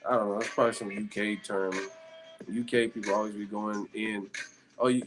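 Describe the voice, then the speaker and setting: A man's voice: lowish voice, flat delivery, a little fast. A man hosting a boxing live stream, rambling and cursing through tired, casual banter with his viewers. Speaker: boxing channel host. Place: hotel room in Las Vegas. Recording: music playing behind.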